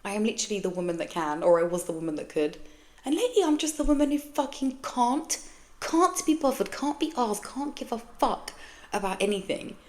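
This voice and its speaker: A woman's voice: a little high, big pitch swings, a little fast. A woman in her forties talking alone on her podcast, frank and rambling, swearing freely and often restarting or trailing off mid-thought. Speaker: podcast host. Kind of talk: candid solo podcast monologue.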